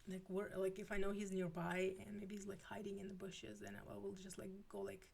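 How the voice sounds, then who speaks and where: A woman's voice: medium pitch, flat delivery, brisk, gravelly, a little mellow, husky. Rambling woman in her forties, chatting. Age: 40s. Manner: rambling, lots of filler words and self-interruptions. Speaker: streamer. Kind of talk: casual chat with viewers.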